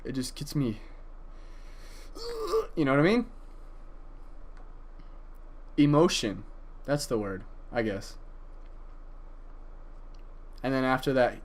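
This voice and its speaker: A man's voice: fairly high pitch, a little slow, long pauses, fairly bright tone. A man casually reviewing an album, enthusiastic and profane, with frequent hesitations and fillers. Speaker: music reviewer.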